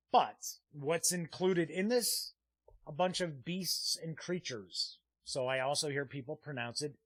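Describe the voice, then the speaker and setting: A man's voice: fairly high pitch, fairly bright tone, no room sound. Chatty man with a dry, close sound. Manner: chatty and rambling, with frequent "uh" fillers; reads viewer chat comments aloud. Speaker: host of a tabletop gaming news live stream. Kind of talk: casual live-stream chat. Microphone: streaming desk mic.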